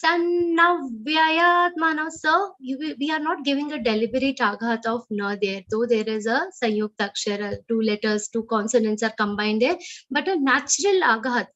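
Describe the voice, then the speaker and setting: A woman with an Indian English accent teaching Sanskrit verse recitation in an online class, correcting pronunciation and chanting lines slowly. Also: fairly high pitch, fairly bright tone, dull audio. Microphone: video call.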